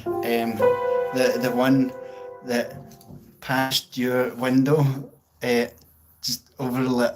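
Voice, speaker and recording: A man's voice: mid-range voice, completely flat delivery, takes it slowly, pauses often, soft background music. A man with a Scottish accent hosting a casual livestream, chatting with viewers in a self-mocking way and swearing freely. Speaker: livestream host. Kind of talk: casual chat reading out viewer comments.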